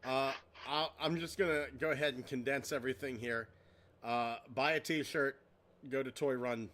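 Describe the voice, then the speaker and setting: A man's voice: mid-range voice, steady tone, moderate pace, fairly bright tone. A man hosting a casual podcast at his home computer, cracking crude jokes and poking fun at himself. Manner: crude, joking, self-deprecating. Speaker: podcast host.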